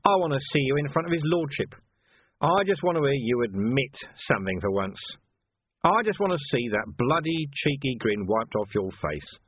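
Brief: man voicing gruff police chief, low growl, husky, tinny sound. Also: sing-song, normal speed, no room sound. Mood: grim. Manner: growling, stern. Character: gruff, weary male city watch commander. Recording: tinny lo-fi phone-band audio.

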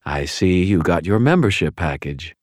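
A man reading an audiobook and voicing a polished male crime boss who speaks in a formal, measured, unruffled way. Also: low-pitched, animated, no room sound, clean studio sound. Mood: cool, courteous. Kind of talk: audiobook character voice.

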